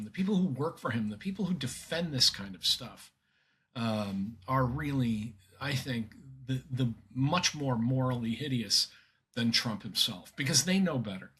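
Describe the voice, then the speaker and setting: Older american guy on a podcast, bright edgy voice, a bit husky, keeps restarting himself. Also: medium pitch. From United States. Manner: earnest, emphatic, with frequent restarts and fillers. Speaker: guest commentator. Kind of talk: conversational podcast interview.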